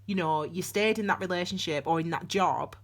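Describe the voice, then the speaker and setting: A woman's voice: fairly low pitch, fairly quick. A woman, giving a casual tarot reading to camera in a chatty, rambling way, laughing and restarting her sentences. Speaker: tarot reader. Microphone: camera on desk.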